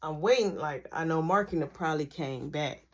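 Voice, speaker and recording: A woman telling a school story in a slangy, animated storytime style, acting out the dialogue. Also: low-pitched, moderate pace, lo-fi sound. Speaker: vlogger. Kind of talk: storytime narration.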